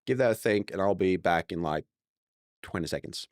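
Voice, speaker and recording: A man's voice: deep voice, lively intonation, normal speed, no echo, studio quality. A young man streaming live, chatting casually to viewers, rambling and correcting himself as he goes, laughing often.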